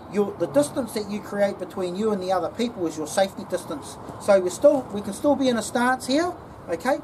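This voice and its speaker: A woman giving a casual security training demonstration, often checking in with "okay?". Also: medium pitch. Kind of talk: instructional demonstration. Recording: distant mic with background noise.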